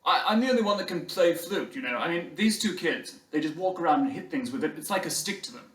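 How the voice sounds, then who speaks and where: A man's voice: on the high side, lively intonation, quick pace, pitched above the performer's own voice, close to an everyday voice. A posh, smug rich boy talks in a slightly raised, self-satisfied drawl, as a male lecturer puts him on. The room is echoey and the mic sits far off. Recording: roomy hall, distant mic.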